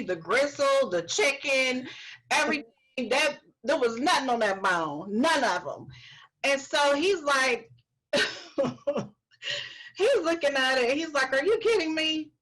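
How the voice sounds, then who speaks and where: Bright-voiced woman hosting a chat. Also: a little high, rough recording. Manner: animated storyteller, laughs often. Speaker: host. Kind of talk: casual chat.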